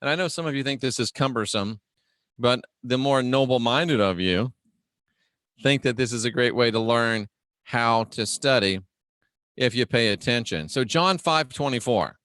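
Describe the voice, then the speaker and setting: A man hosting a livestream, teaching the Bible conversationally, slowing down and raising his voice for key phrases and greeting viewers. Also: mid-range voice, a bit bright, smooth, no room sound. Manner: conversational and emphatic, slows and raises voice for key phrases; greets viewers and talks to himself while navigating a website. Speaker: livestream host teaching scripture.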